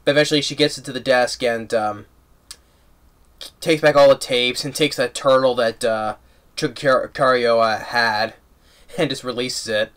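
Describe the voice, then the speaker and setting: A man giving a casual, rambling movie review and recapping the plot excitedly with lots of restarts. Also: mid-range voice, a little slow.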